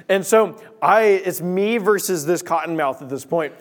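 A young man tells a story from the pulpit, his voice sitting a little high. He speaks in an animated way and acts out the voices and sound effects in his story. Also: moderate pace. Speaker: preacher. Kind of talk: sermon storytelling.

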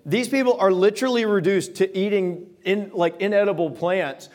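A man preaching a sermon, retelling scripture passages in casual modern words and reading the old verses slowly. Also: high voice, a little mellow. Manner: reads King James verses slowly and solemnly. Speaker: pastor.

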